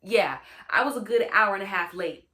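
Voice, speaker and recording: A woman's voice: medium pitch, lively intonation, normal speed, sharp tone. A young woman telling a personal story in a casual, slangy storytime chat, full of "you know what I'm saying.". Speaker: storytime host.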